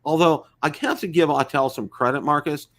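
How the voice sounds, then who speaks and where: A man's voice: a little high, fairly quick, a bit bright. A man hosting a live-stream talk show about drones, rambling with many fillers and restarts. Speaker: host.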